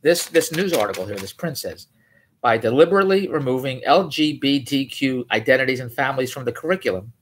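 Medium-pitched and slightly rough, this man's animated voice moves fairly quickly. The vlogger mocks a news article with incredulity, his riff rambling and tangential, often doubling back to correct himself.

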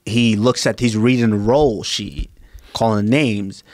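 A man telling a story on a podcast, loud and animated. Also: lowish voice, unhurried, no room sound, studio quality. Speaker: podcast guest. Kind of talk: casual storytelling.

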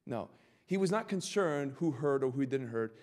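Impassioned pastor in an echoing hall. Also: male voice, mid-range voice, animated, normal speed. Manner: impassioned, rising to loud emphatic cries. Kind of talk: Bible study sermon. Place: church sanctuary. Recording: long hall reverb.

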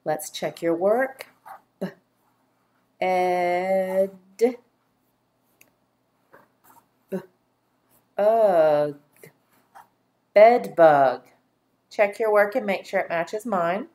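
A woman with a medium-pitched, somewhat dark voice teaches a phonics dictation lesson on video, stretching each syllable for young learners. Her pace is slow and patient, her delivery deliberate and instructional, and her intonation lively.

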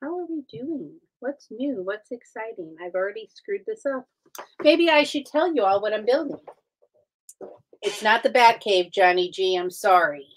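Sing-song chatty woman hosting a live stream. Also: on the high side. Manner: chatty, greets viewers by name, sing-song exclamations. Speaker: live-stream host building brick sets. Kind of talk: casual live-stream chat.

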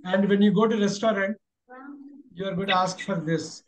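A man's voice: high-pitched, fairly even intonation, normal speed. A man teaching a class online, encouraging his students and repeating his instructions with many fillers. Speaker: English teacher. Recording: dull lo-fi recording.

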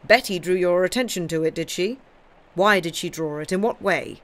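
A woman voicing a suspicious, angry male sea captain who speaks loudly and sharply in a storybook reading. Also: medium pitch, animated, moderate pace, lightly acted. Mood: angry, accusing. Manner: sharp, accusing, loud.

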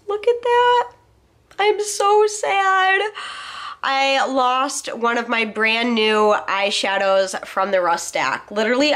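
A woman's voice: mid-range voice, fairly bright tone. A woman in her twenties vlogging casually to the camera, chatty and bubbly, with a nasal, stuffed-up voice from a cold. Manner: chatty, bubbly, with frequent swearing. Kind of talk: casual vlog talk to camera.

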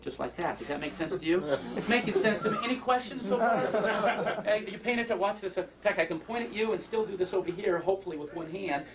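A man's voice: high-pitched, fast talker. A man doing comic magic patter on stage, joking and chatting with the audience in self-mocking asides. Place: stage before a live audience. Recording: distant mic, loud crowd and noise. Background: loud audience noise.

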